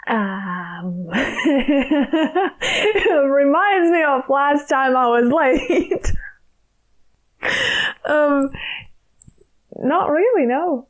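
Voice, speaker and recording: A woman's voice: high voice, animated, drawn-out words, long pauses, low-quality recording. A young woman from Ukraine, a podcast guest chatting casually, with frequent laughs and fillers. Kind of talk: casual chat.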